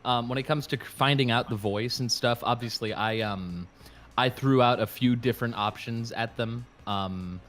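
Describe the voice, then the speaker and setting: A man's voice: medium pitch, fairly bright tone. A man guest, a voice actor, chatting casually over a voice call, a little congested and full of fillers and laughs. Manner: easygoing, laughs often, halting fillers. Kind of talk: casual stream chat. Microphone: remote, heard over a voice call.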